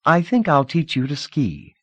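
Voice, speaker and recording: A man voicing a poised, polite young woman from a wealthy family, speaking in a bright, gracious, curious way in a dry audiobook reading. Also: a little high, wildly swooping pitch, unhurried, no room sound, voice pushed up, full character voice.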